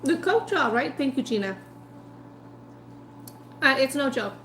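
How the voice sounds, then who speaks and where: A woman with a slightly high voice tells a story casually between bites of food. She talks in a chatty, animated way full of "like" and asides. The room has an echo and a faint hum. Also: measured pace. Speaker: food vlogger. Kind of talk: casual storytelling while eating.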